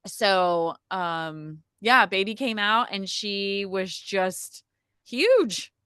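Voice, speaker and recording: A woman telling a personal story in a casual podcast conversation, chatty and animated, with plenty of "like" and "um". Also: mid-range voice, very slow, clear, resonant tone, dry recording, clean studio sound. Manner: chatty, frequent "like" and "um" fillers, animated retelling. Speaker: podcast guest telling her birth story.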